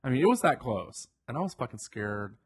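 A man co-hosting a podcast, chatting casually and telling a story with lively acted-out quotes. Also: mid-range voice, fairly quick, slightly rough. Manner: animated storyteller, acts out quoted voices. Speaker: podcast co-host. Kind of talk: casual chat.

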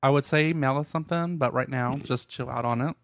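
A man's voice: medium pitch, fairly quick, dry recording. A man hosting a casual podcast, easygoing as he reads listener reviews and wraps up the show. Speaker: podcast host.

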